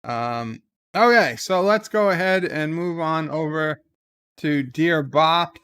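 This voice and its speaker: A man hosting a livestream, reading live chat comments aloud in a laid-back, halting way with frequent "uh"s before each comment. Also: on the high side, fairly bright tone, clean tone. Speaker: livestream host.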